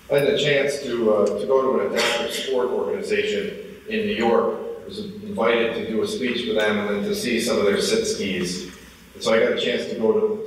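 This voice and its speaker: A man in his forties giving a motivational speech, telling a personal story and getting more animated as he goes. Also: lowish voice, slight background noise. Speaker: motivational speaker. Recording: echoey hall, from far off.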